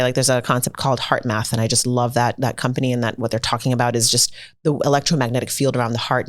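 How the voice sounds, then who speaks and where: A woman's voice: a bass voice, dry recording, clean studio sound. A woman self-esteem coach, a guest in a conversational interview, who explains with energy and emphasis like a teacher.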